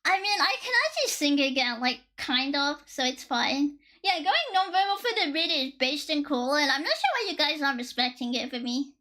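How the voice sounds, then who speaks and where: Woman streamer, very high and bright voice, sarcastic and joking with chat, curses often, slightly worn voice. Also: sing-song, brisk, hardly any pauses. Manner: joking, sarcastic, swearing freely. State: voice slightly worn from past strain. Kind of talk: casual chat with live viewers.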